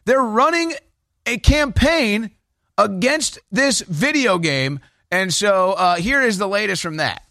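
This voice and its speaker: A man's voice: sits high, lively intonation, slow pace, sharp tone, no room sound, studio quality. A man hosting a political talk show, delivering opinionated commentary with a mocking, sarcastic edge.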